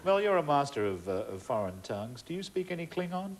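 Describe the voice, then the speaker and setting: A man's voice: a little high, big pitch swings, a little fast, a little hiss or hum. A man hosting a TV talk show, asking a guest wry, leading questions. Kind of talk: TV interview. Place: TV studio with audience.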